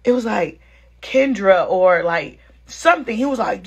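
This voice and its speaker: A woman's voice: on the high side, normal speed, muffled recording. A woman vlogger chatting casually at home, telling viewers a dating story with slang and acting out both sides of the conversation. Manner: animated, talks straight to viewers, acts out both sides of the story; slangy, calls viewers girl and sis. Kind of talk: casual storytime chat to camera.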